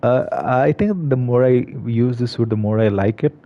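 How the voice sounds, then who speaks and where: Male game commentator, casual and halting, mid voice, somewhat lo-fi mic. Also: mid-range voice. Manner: hesitant, many fillers and restarts. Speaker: gaming video creator. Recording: slightly dull lo-fi recording.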